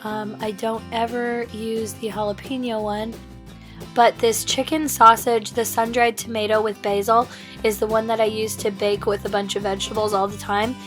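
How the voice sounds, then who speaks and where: Casual vlogger, woman, raspy from laryngitis, higher voice, light music bed. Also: little pitch movement, moderate pace. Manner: chatty, enthusiastic, many fillers. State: hoarse from laryngitis. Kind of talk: casual shopping vlog voiceover.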